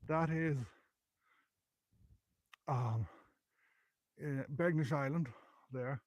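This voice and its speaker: A man's voice: a little high, very slow, darkish tone, no room sound. An out-of-breath Irish man giving a chatty, rambling live history tour outdoors, filming on a handheld phone as he climbs. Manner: chatty, rambling, self-correcting. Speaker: local history guide. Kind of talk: live walking history vlog. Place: outdoors on a hillside graveyard. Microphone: handheld phone while climbing.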